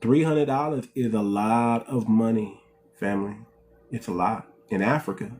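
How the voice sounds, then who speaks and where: A man's voice: fairly low pitch, moderate pace, darkish tone, slight background noise. A man hosting a casual livestream, preaching to viewers, calling them "family" and asking rhetorical questions. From United States. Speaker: livestream host.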